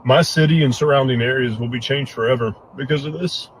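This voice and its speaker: A man's voice: mid-range voice, fairly quick, a little hiss or hum, low-quality recording. A man giving an earnest, choked-up update after a storm, speaking bluntly. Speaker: hurricane survivor giving an update. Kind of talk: emotional first-person update.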